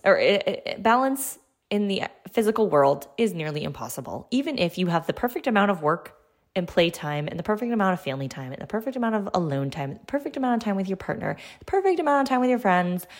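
A woman in her thirties speaks in a mid-range voice on her casual solo podcast, keeping things chatty and conversational with an occasional light laugh.

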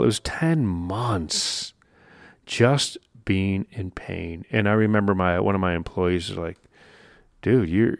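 Low-voiced man giving a motivational talk. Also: dry recording, studio quality. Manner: earnest, conversational, emphatic. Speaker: motivational speaker. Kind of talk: motivational monologue.

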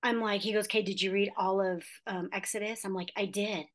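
Brief: fifties woman, interview guest, chatty storyteller who acts out dialogue, mid-pitched voice. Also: steady tone, a little fast. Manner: chatty, acts out quoted dialogue, many fillers.

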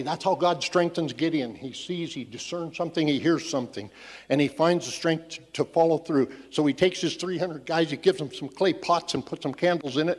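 A man giving a casual, conversational Bible teaching, telling the story loosely and thinking aloud as he goes. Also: on the high side. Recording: long hall reverb.

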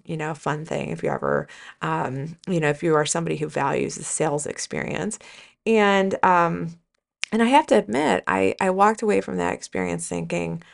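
Woman, podcast coach, low register with vocal fry, casual and rambling, earnestly encouraging. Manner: chatty, with frequent fillers and self-corrections; earnest, encouraging tone toward listeners. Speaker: life coach and podcast host. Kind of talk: casual reflective storytelling monologue.

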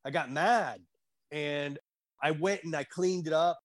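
A man with a slightly higher voice tells a personal story in a relaxed conversation. He speaks earnestly, with halting restarts, and he gets choked up at times. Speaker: guest.

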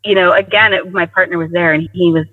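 A man with a notably high voice tells personal stories in an animated, casual way, acting out the voices of others as he goes. The sound comes through a tinny, phone-like line with a long, echoing tail and a dry edge. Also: quick pace. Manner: animated, acts out quoted dialogue. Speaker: guest sharing personal stories. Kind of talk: casual conversational storytelling.

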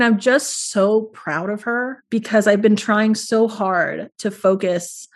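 A woman speaking as a podcast guest, earnest and reflective, talking through her parenting in long flowing thoughts. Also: medium pitch. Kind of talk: podcast interview conversation.

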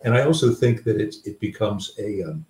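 Telling stories from his life in a conversation, an older guest author and grandfather sounds reflective and self-deprecating, stumbling through many fillers and restarts. His low voice is expressive and a touch mellow at a moderate pace. The room sounds spacious, and he's a bit away from the mic.

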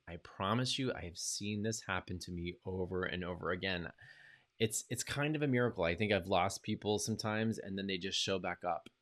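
A man with a fairly low voice hosts a solo podcast. He talks in an upbeat, coaching way and slips into playful quoted asides as he goes. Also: a bit bright. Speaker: podcast host.

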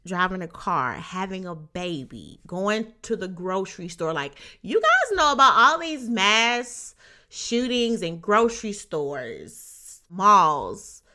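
Young adult woman, podcast host, earnest motivational talk, bright forceful tone. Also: medium pitch, big pitch swings, slow. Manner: earnest and encouraging, often adds "right?".

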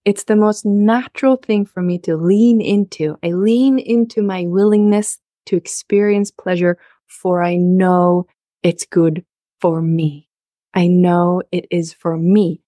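A woman's voice: on the low side, steady tone, slow, mellow, no room sound. A young woman talking candidly and emphatically in a conversation, frank and outspoken. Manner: frank, emphatic, openly explicit.

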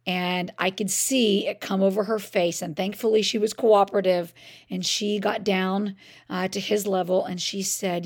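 Podcast host, middle-aged woman: gravelly vocal fry, mid pitch, relaxed conversational storyteller. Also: moderate pace. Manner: conversational, frequent "I mean" and "like". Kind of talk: personal storytelling.

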